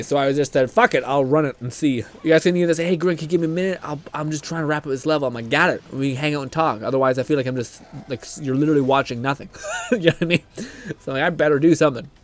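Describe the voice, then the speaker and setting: A young man streaming live, chatting casually, reading chat aloud, laughing often and swearing freely. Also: on the high side.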